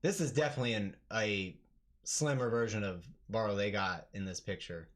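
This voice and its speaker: His pitch fairly low and his speed normal, a man delivers live MMA play-by-play for his stream. He's casual most of the time and yells with excitement during big moments.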